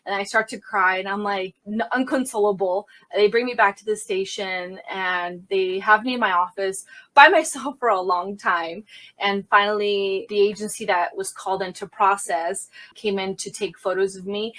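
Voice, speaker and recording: A woman crime scene investigator telling a personal story in conversation, in a vivid retelling full of quick restarts and self-corrections. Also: medium pitch, fairly even intonation, fairly bright tone.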